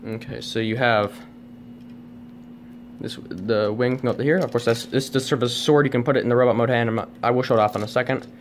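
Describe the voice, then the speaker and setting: A man's voice: mid-range voice, steady tone, fast talker, a little hiss or hum. A man reviewing a toy at home on camera, rambling and self-deprecating, with many fillers and restarts. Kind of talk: casual unscripted review. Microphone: camera on a tripod.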